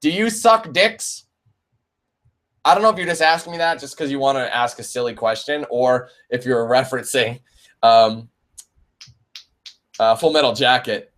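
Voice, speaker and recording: A man's voice: medium pitch, fast, a bit bright. A young man hosting a casual live Q&A for his gaming channel, rambling, laughing and swearing freely. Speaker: let's play channel host.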